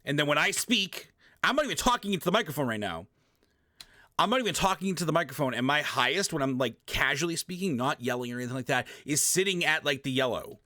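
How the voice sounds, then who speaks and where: A man's voice: on the high side, fast talker, no room sound, studio quality. A man streamer giving a casual, emphatic tutorial, swearing and repeating himself, talking past a desk microphone at his home gaming setup. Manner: emphatic, repetitive, swears, animated sound effects. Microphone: desk microphone, often turned away.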